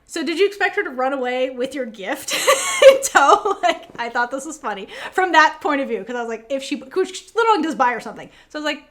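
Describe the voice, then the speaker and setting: A woman co-hosting a podcast, chatting casually and animatedly with lots of fillers as she recaps scenes. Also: high-pitched. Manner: animated, fast, many fillers, quotes characters. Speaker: podcast co-host.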